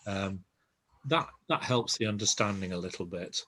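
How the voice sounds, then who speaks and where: An older man giving a relaxed, reassuring language lesson, pausing often with ums and uhs. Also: deep voice. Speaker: Spanish teacher.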